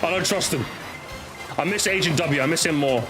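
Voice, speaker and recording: A young man chatting casually while streaming a racing game with viewers, excitable and swearing, repeating himself in bursts. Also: fairly high pitch, a little fast. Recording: game music behind.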